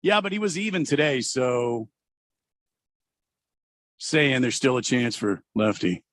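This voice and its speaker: A man's voice: medium pitch, big pitch swings, slow pace. A man hosting sports talk radio, joking around and reading listener messages in a teasing, mocking way. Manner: mocking, mimics players in sarcastic voices.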